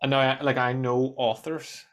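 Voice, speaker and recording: A man hosting a casual podcast conversation, animated and swearing freely. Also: medium pitch. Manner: animated, swears, quick asides.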